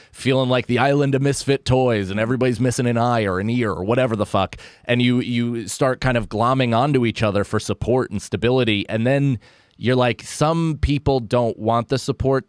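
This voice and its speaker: A man's voice: mid-range voice, clean tone, no room sound, clean studio sound. A man, a comedian, talking candidly and with plenty of swearing in a casual podcast chat. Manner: candid, profane, self-deprecating. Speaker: comedian guest.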